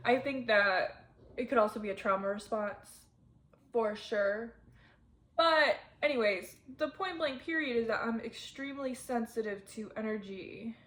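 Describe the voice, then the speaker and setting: A young woman in her twenties, a vlogger, rambles candidly to camera in a casual confessional chat packed with fillers and frequent "like." Her voice sits on the high side, a bit bright, and she takes her time.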